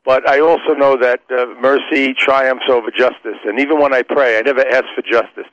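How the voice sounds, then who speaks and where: A man of middle pitch makes his case like a trial lawyer, earnest and explanatory. His voice comes through a dull, muffled radio sound as he lays out his points to the audience. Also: steady tone, brisk, a bit bright, no room sound. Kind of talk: persuasive radio interview answer.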